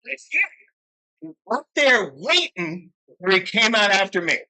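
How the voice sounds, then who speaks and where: An alumni speaker at a recovery meeting shares his personal recovery story, candid, profane and self-mocking, while a camera follows him around the room. His voice sits high, and he talks slowly with lots of expression in a pushed, bright tone. The recording is low quality.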